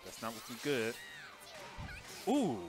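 Man, live fighting game commentary, animated lively pitch, excitable, chatty, faint music behind. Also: unhurried. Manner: excitable, chatty, swings between shouts and mutters. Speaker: tournament commentator.

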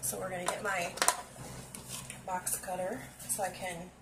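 A woman's voice: fairly low pitch, level tone, a little slow, very noisy. A woman vlogger unboxing makeup on camera at home, gushing and exclaiming to her viewers. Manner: gushing, exclaims often, talks to viewers directly. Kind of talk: casual unboxing chat to camera. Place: indoors at home, seated on a stool.

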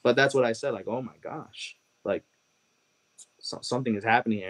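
A man from Chicago telling his conversion testimony as a guest, earnest and halting, with many "like" and "you know" fillers. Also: medium pitch, expressive, poor audio. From Chicago, USA. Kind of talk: personal testimony storytelling.

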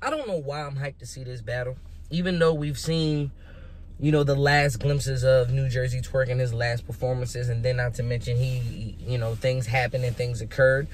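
A young man giving casual, hyped commentary as a vlogger, animated and emphatic, with rhetorical questions and repeated words. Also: mid-range voice, moderate pace. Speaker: vlogger making predictions.

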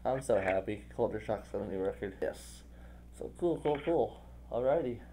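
Male interview host, relaxed dark tone, effusive and eager. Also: fairly low pitch, normal speed, a little hiss or hum. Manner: effusive, enthusiastic praise. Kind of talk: casual interview chat.

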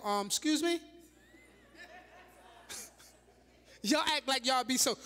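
A woman bishop delivers a lively, dramatic sermon, throwing rhetorical questions at her congregation. Her voice sits high and sounds bright and sharp. It rings out with a long reverb through a large church hall. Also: slow, long pauses. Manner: animated, dramatic preaching with rhetorical questions and laughing asides. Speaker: bishop preaching.

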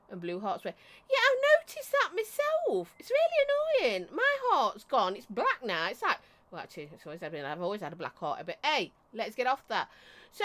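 A woman's voice: sits high, a bit bright. A woman hosting a casual live stream from home, chatty and affectionate, greeting viewers by name and coughing now and then. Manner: coughs and clears throat often. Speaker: vape reviewer and livestream host.

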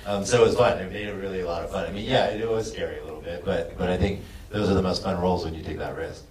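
Deep-voiced man actor, echoey hall. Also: quick pace. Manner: relaxed, laughs easily, repeats words. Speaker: actor on a panel. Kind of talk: casual panel conversation. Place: auditorium at a screening event. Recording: echoey hall from far off, faint noise.

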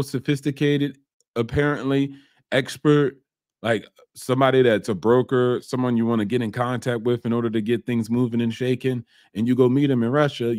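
A man's voice: medium pitch, darkish tone, no room sound, clean studio sound. A man hosting a reaction show, ranting bluntly and mockingly about a clip, with frequent swearing. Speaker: host reacting to a documentary.

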